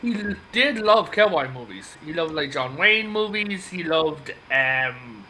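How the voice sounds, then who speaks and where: A man hosting a casual movie podcast, telling the story in a rambling, animated way. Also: fairly high pitch, unhurried, a little hiss or hum, low-quality recording. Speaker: podcast host.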